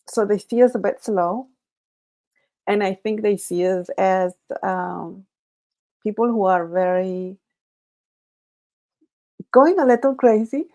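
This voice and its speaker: Nervous and halting, with frequent restarts, a livestream host who speaks Spanish as her first language talks casually to her audience. Her voice is mellow and medium-pitched.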